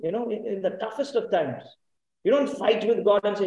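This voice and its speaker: Earnest high-voiced preacher, echoey room. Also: male voice, animated, normal speed, gravelly, warm tone, highs cut off. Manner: earnest, emphatic, asks the congregation questions. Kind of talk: sermon.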